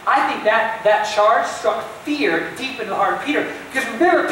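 A man preaching a sermon as a pastor, telling the story with animated emphasis and speaking directly to his listeners. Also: very high voice, fairly quick, few pauses, slight background noise. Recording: very echoey distant church recording.

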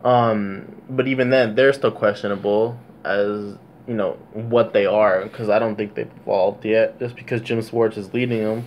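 A young man vlogging a casual, profane rant about his football team, exasperated and prone to loud outbursts. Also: on the low side, steady tone, unhurried, hardly any pauses, slight background noise. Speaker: sports vlogger.

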